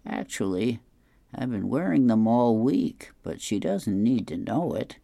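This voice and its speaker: A man voicing an old, lazy retiree from a comic strip, drawling and unhurried. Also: medium pitch, lively intonation, vocal fry, warm tone, dry recording. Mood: sly.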